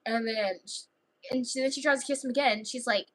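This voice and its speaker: A woman's voice: on the high side, a little fast, poor audio. A woman livestreaming, telling a story in a rambling, casual way full of fillers and restarts.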